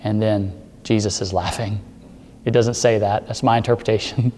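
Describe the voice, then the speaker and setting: A man preaching a sermon, explaining scripture and climbing in pitch on the words he stresses. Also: darkish tone, big-room sound. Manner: expository preaching, rising emphasis on key words. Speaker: pastor.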